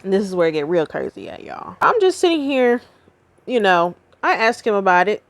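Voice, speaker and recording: A woman's voice: medium pitch, normal speed, dry recording. A young adult woman casually telling a personal relationship story to her viewers. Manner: casual, animated storytelling, addresses viewers directly. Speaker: vlogger. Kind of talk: storytime chat.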